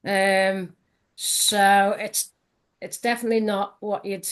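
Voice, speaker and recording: Woman, soft Scouse accent, lilting and chatty, guest in a relaxed interview. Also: mid-range voice, slow pace, clear, resonant tone. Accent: soft south Liverpool Scouse. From Liverpool, England. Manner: sing-songy, chatty, many fillers. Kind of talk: casual interview chat.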